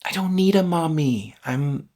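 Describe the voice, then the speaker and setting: A man in his fifties with a slightly high, expressive voice speaks a little slowly. The channel host reflects aloud in a candid, emotional self-inquiry, questioning his own beliefs, vulnerable and letting out soft laughs.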